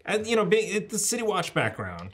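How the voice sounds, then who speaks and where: A player works through a spell in a halting, self-correcting way, the pitch swinging widely from line to line. The voice sits at a middle height. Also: wildly swooping pitch. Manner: thoughtful, halting, laughs at own rolls. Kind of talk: casual chat at a game table.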